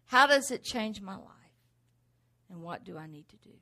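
A middle-aged woman preaches a sermon, driving her points home with rhetorical questions and repeated exhortations. Her medium-pitched voice is expressive and sharp in tone, delivered at a moderate pace.

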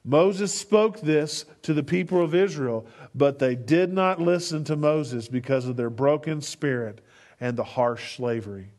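A man's voice: on the high side, a little slow, a little mellow. A male pastor preaching a sermon, reading scripture and acting out the characters in casual, conversational paraphrase.

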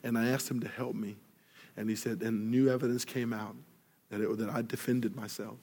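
A man preaching a sermon, telling a story and acting out each person in it, rising loud when excited and falling soft and quiet for earnest points. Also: medium pitch, moderate pace. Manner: animated storyteller, acts out dialogue, grows loud in excitement. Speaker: pastor.

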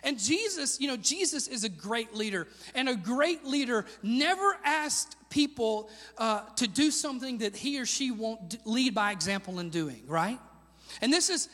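A pastor with a very high-pitched voice preaches a sermon in a large hall. He's animated, building to shouts on key lines, and asks the congregation to repeat words after him.

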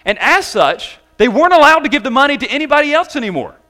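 Man pastor, high bright voice, emphatic sermon delivery with drawn-out key phrases. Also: sing-song. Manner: emphatic preaching, slowing down to stress key words.

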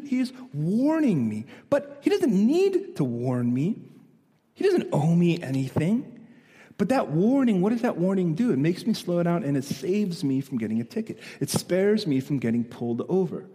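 A male pastor preaching a sermon, animated and storytelling, asking his listeners questions, in a church hall. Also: sits high, normal speed. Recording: long echo of a large hall.

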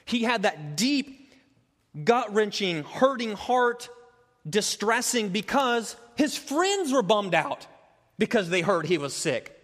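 A man preaching a sermon, moving from quiet earnest teaching to loud rhetorical questions. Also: high voice, sing-song, slow. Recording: long hall reverb.

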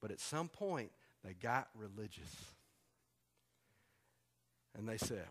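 A man's voice: lowish voice, big pitch swings, takes it slowly, long pauses, fairly bright tone. A man preaching a sermon as a pastor, conversational and emphatic, repeating key lines for weight.

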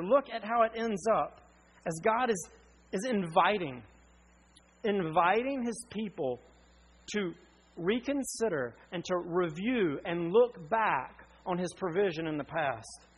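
A man's voice: high voice, a bit bright, breathy edge, low-quality recording. A man in his thirties, from North Carolina, preaching an earnest sermon with emphatic questions. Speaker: pastor.

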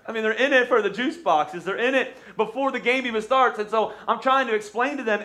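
Brief: male pastor, 30s, fairly high voice, lively sermon delivery, calls on the congregation to join in. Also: fairly quick, few pauses. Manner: energetic, urges the congregation to respond. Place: church stage.

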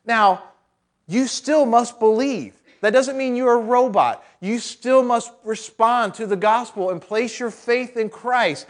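A male pastor with a very high voice preaches slowly and conversationally, posing rhetorical questions to the congregation and throwing in joking asides.

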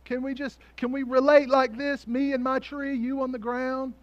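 A man preaching and voicing a reluctant tax collector who wants to stay up in his tree, pleading and hesitant in a raised pitch. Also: level tone, moderate pace, no echo, muffled recording.

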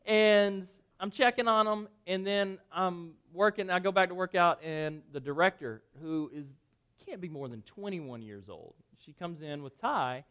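A man preaching a sermon, telling a personal story conversationally, with self-deprecating asides and lively acted-out dialogue. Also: high-pitched, a little slow, smooth. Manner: animated, acts out dialogue in shifting voices. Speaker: pastor.

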